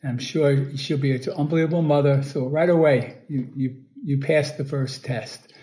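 A man's voice: on the high side, steady tone, normal speed, dark tone. An older man recording a blunt, joking message of fatherly advice. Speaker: father of the host.

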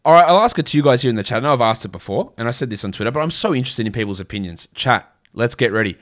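A man's voice: medium pitch, lively intonation, very fast, fairly bright tone. A man with an Australian accent hosting a casual fantasy basketball livestream, chatting bluntly and answering viewer questions, with frequent restarts and fillers.

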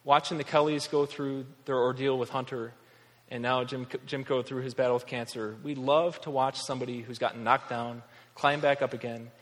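A man's voice: mid-range voice, steady tone, moderate pace, a bit bright. A man in his thirties from Western New York, preaching a sermon in an earnest, conversational way with wry humor. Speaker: pastor. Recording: long hall reverb.

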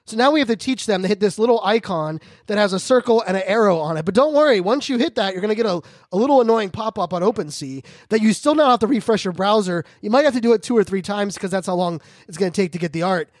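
A man hosting a podcast, talking fast and joking in a high-energy casual monologue. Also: lively intonation, no echo, clean studio sound. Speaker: podcast host.

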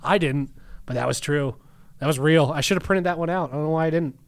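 A man co-hosting a podcast in animated casual chat, laughing often and saying "like" a lot. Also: on the high side, fast. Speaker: podcast co-host.

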